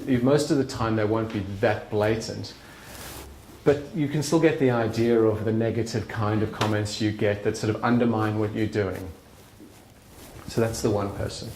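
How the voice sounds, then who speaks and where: A man's voice: lowish voice, a little mellow, slight background noise. Earnest man in a roomy venue. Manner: earnest and conversational, with restarts. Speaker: speaker. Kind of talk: live talk at an evening event. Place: function room at a bar. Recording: roomy live venue sound.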